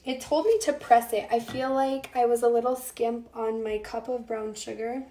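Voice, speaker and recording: A woman's voice: fairly high pitch, steady tone, normal speed, mellow. A young woman hosting a casual cooking demonstration from her home kitchen. She chats with viewers and answers their comments while she gets over a lost voice. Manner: chatty, talks to viewers as "you guys" and answers comments. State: recovering from a lost voice. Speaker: cooking show host. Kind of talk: chatty live cooking demonstration. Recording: echoey room with faint noise.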